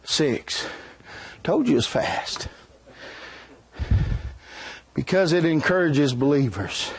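A man preaching a sermon in a fervent style that swells into shouts, with folksy conversational asides. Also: on the high side, lively intonation, slow pace, vocal fry, husky, no echo.

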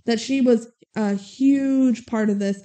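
A woman's voice: on the high side, takes it slowly, mellow. A young woman co-hosting a casual movie review podcast, chatty and retelling the plot with lots of fillers. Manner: chatty, retells plot with acted quotes and frequent "like". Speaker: podcast co-host.

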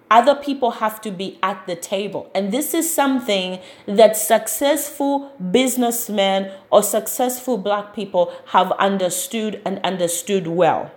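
A woman's voice: mid-range voice, a little mellow. A woman with a noticeable foreign accent, talking earnestly as a podcast host and asking rhetorical questions. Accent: non-American, accent remarked on. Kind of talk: casual commentary monologue.

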